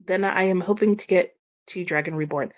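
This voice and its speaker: A woman's voice: lowish voice, brisk. A woman hosting a live reading stream, casually reading out viewer comments and answering them with frequent laughs, sounding a little sleepy this morning. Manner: chatty, giggly, reads comments aloud and answers viewers. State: sleepy, slow-brained morning.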